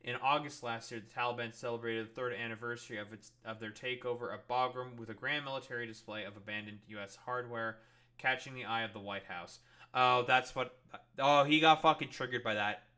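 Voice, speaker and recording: Bright-voiced, exasperated male commentator. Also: medium pitch, fairly even intonation, a little fast. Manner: exasperated, profane, lots of filler. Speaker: political commentator. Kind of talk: reading news aloud and ranting.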